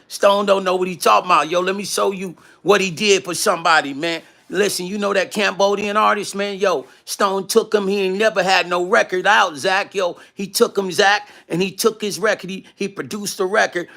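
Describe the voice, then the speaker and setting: A brash young New York homeboy , as a man puts him on, who hypes up his friend in thick street slang. He has a New York accent and a bright, ringing voice pitched a little high, and he keeps saying yo and hold up between phrases. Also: fairly even intonation, a little fast, creaky, few pauses, heavily acted. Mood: hyped.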